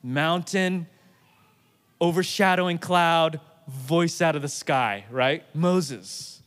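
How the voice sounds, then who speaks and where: Male pastor, high voice, lively and jokey sermon delivery. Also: slow pace. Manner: playful, animated, acts out quotes.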